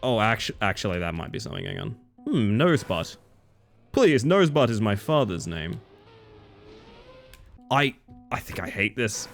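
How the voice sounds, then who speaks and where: A man's voice: on the low side, big pitch swings, normal speed, vocal fry, long pauses, faint music behind. A man streaming a racing game, chatting and joking with his viewers as he plays. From Isle of Man and Australia. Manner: chatty, jokey, reacting to chat. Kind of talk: casual gaming commentary.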